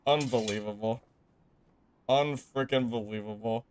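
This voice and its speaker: A young man commenting casually while playing a game, swinging between loud laughing disbelief and low exasperated muttering. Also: slow pace, pauses often, a little hiss or hum. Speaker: game streamer.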